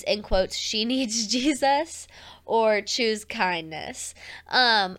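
A young woman talks through her solo podcast in a relaxed, earnest voice. Her pitch sits in an ordinary middle range. Her speech is loose and chatty, full of "like" and "um" as she works her way through each thought. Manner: casual and earnest, heavy use of "like" and "um". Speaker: podcast host.

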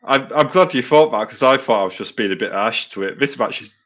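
A man's voice: medium pitch, expressive, a little fast, a bit bright. A man co-hosting a wrestling podcast in casual chat, blunt and sweary, rambling with lots of fillers. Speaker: podcast co-host. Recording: dull lo-fi podcast audio.

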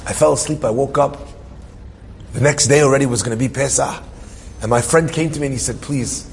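A man's voice: mid-range voice, fairly quick, creaky, slight background noise. A man telling a dramatic story as a sermon, emotional and full of restarts and repeated phrases. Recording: reverberant hall with faint ambience.

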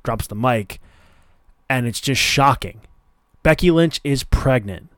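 A man's voice: medium pitch, expressive, takes it slowly, a bit bright, clear, resonant tone, dry recording, clean studio sound. A man hosting a casual solo podcast, talking in a loose, chatty way with plenty of fillers and restarts. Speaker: podcast host.

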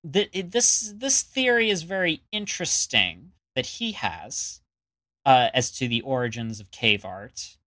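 A man's voice: mid-range voice, lively intonation, a little slow, pushed and bright. A man co-hosting a casual podcast, talking in a rambling way with many fillers and restarts. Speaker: podcast co-host. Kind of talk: casual chat.

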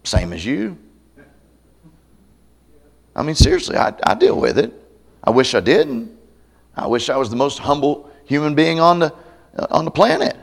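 A man's voice: a little high, big pitch swings, normal speed, vocal fry, pauses often. A man pastor preaching a sermon at a camp meeting, conversational and candid, with self-deprecating humor. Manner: conversational, acts out quoted voices.

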